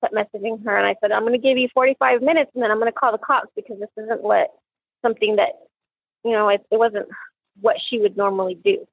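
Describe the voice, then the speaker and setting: A middle-aged mother recounting her daughter's last days, halting and restarting often as she quotes conversations. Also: a little high, steady tone, gravelly, no room sound. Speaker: mother of the victim, recounting events. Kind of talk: personal recollection interview. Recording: tinny phone line, dry.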